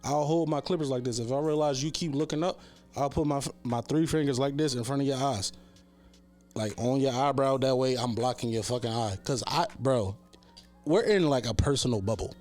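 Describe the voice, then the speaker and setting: Barber dude chatting on a podcast, cursing a lot, mid pitch, faint music behind. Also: male voice, a little fast. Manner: blunt, profane, animated storytelling. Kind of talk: casual podcast chat.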